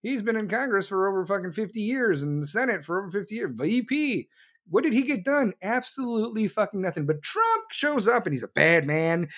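Ranting through political commentary in fast bursts, a combative livestream host who takes callers curses freely and speaks at medium pitch. Opponents are mocked with sarcastic put-on voices before the host returns to a blunt, scornful tone.

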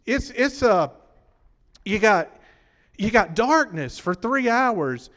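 A man's voice: sits high, very animated, takes it slowly, a bit bright, long reverb tail. A man preaching a sermon, talking conversationally and quizzing the congregation, his voice worn from preaching.

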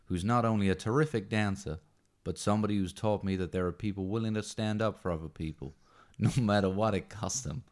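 A British man reading lines as a brooding male dance instructor in a clumsy put-on American accent, flat and self-conscious. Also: low voice, natural voice. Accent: mock American put on by a British speaker.

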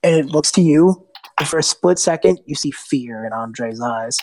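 A man's voice: on the high side, lively intonation, moderate pace, darkish tone, dry recording. A man narrating a tabletop game as game master, in a loose, chatty way with asides.

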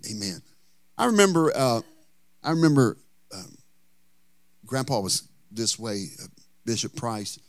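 A middle-aged man preaching a sermon as pastor, animated and folksy, with humorous asides. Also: medium pitch, measured pace, pauses often, dry recording.

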